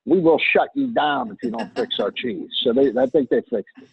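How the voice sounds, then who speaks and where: A man's voice: mid-range voice, huge pitch swings, brisk, gravelly, noisy background. Joking Pittsburgh-accented man on a phone line. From Pittsburgh, USA. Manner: joking, rambling with restarts. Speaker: co-host. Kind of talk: casual chat. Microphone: remote video call.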